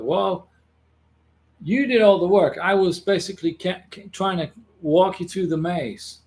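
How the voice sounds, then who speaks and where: A man's voice: sits high, measured pace, a little mellow. A man hosting an advice livestream, talking casually to viewers in a reassuring way and often repeating or restarting his phrases. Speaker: immigration advice livestream host.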